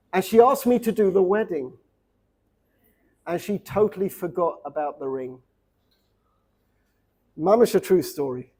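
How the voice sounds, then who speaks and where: A middle-aged man, a rabbi, giving an informal lecture to students, lively and repetitive, dropping Hebrew words into his English. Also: high-pitched. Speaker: rabbi teaching a seminary class. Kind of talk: informal Torah lecture with storytelling.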